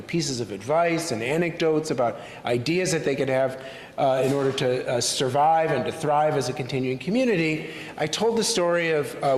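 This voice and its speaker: A male rabbi speaking to a congregation in a synagogue sanctuary. He tells stories thoughtfully, with frequent pauses. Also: fairly high pitch. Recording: echoey hall with faint room noise.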